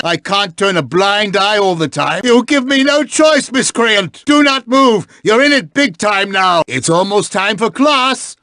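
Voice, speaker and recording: An actor voicing a stern, sarcastic member of a boarding school staff in a video game, scolding with cutting put-downs. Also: male voice, high voice, creaky, a bit bright, no room sound, clean studio sound, exaggerated voice. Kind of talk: game voice acting.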